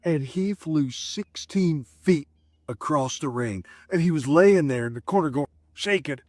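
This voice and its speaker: A man's voice: a little high, animated, unhurried, darkish tone, no echo, studio quality. A middle-aged man, a former wrestler, telling stories in a casual, rambling way with lots of fillers and restarts. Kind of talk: casual storytelling.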